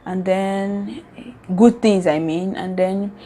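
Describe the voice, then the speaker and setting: A woman's voice: medium pitch, slow, dark tone. Young Nigerian-accented woman, vlogger, earnest and emotional, mid-range voice. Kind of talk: casual reflective vlog.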